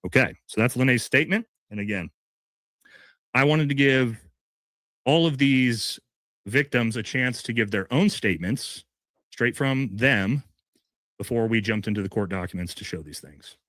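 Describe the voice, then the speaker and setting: A man's voice: medium pitch, a little slow, long pauses, fairly bright tone, no echo, clean studio sound. A man hosting a live podcast, talking to his viewers in an emphatic, indignant way. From United States. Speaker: podcast host.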